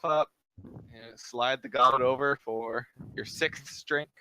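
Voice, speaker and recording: A man's voice: medium pitch, fairly even intonation, slow pace, pushed and bright, a little hiss or hum, poor audio. A man narrating as dungeon master in a live-streamed tabletop game, easygoing and casual, with filler words. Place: home setup, streamed live.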